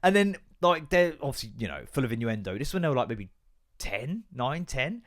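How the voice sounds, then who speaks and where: A man with a voice of ordinary pitch hosts a casual podcast. He rants with lots of swearing. He acts out both sides of remembered conversations as he goes. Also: fairly quick. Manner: sweary, ranting, animated. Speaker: podcast host.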